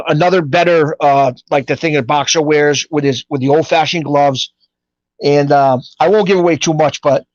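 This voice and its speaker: A man's voice: on the high side, dry recording. Rambling New man, dull dry audio. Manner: rambling and animated, with street-style grammar. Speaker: guest. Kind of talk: casual storytelling interview.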